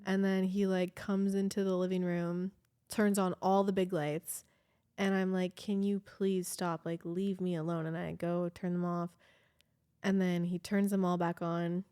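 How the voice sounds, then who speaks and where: A young woman casually telling a long story on a podcast, animated and full of "like". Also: fairly low pitch, a little slow, clear, resonant tone. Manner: chatty, animated, heavy use of "like", laughs often. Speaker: podcast co-host.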